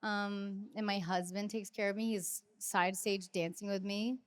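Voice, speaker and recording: A woman's voice: mid-range voice, fairly even intonation, measured pace. A woman in her thirties co-hosting a podcast in casual chat, bubbly and laughing often as she acts out quotes. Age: 30s. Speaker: podcast co-host.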